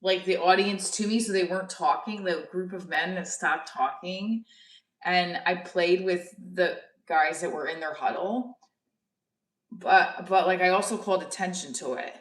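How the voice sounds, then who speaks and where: A woman's voice: fairly low pitch, normal speed, reverberant, far from the mic, low-quality recording. A woman comedian chatting casually on a live stream, rambling and cutting herself off as she tells a story. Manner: chatty, rambling, self-interrupting. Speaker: stand-up comedian.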